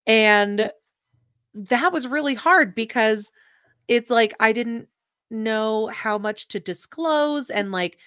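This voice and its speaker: A woman's voice: on the high side, takes it slowly, a bit bright, no room sound, studio quality. A young adult woman, a podcast guest, earnestly and emotionally retelling a personal story with quoted dialogue.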